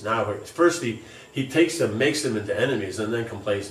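Low-voiced man explaining scripture. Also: expressive, a little fast, a little hiss or hum. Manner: casual explaining, many fillers. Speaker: scripture teacher. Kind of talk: reading scripture with commentary. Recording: roomy, distant, faint ambience.

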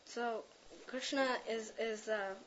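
Halting woman with a flat, higher voice. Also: highs cut off, a little hiss or hum. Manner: hesitant, halting, with repeated uh. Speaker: class participant answering a question.

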